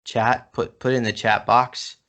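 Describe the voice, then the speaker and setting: A man's voice: medium pitch, level tone, unhurried, fairly bright tone. A man talking as a guest on a video call, chatty with some hesitation. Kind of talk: casual online chat.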